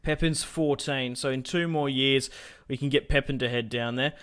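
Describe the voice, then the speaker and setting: A man's voice: mid-range voice, steady tone, normal speed, fairly bright tone, smooth. A young man giving casual, rambling commentary on a strategy game, thinking aloud with fillers. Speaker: gaming YouTuber.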